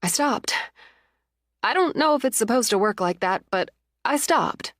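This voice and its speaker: A woman's voice: fairly high pitch, lively intonation, unhurried, a bit bright, dry recording, voice pushed up. A woman voicing a betrayed young woman who answers bluntly and wryly, read in an audiobook with a dry, close sound. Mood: resolute. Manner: blunt, wry, resolute. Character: hurt but angry young woman, wry.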